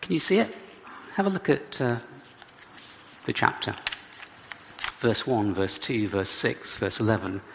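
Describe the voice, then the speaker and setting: Gravelly man preaching in a reverberant hall. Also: fairly low pitch, big pitch swings, a little slow, long pauses. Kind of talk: expository sermon. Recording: reverberant hall with faint background noise.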